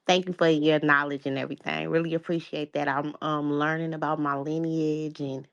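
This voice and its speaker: A woman's voice: deep voice, little pitch movement, normal speed, vocal fry, lo-fi sound. A woman calling in to a talk show to thank the host, friendly and appreciative. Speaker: caller. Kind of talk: call-in chat.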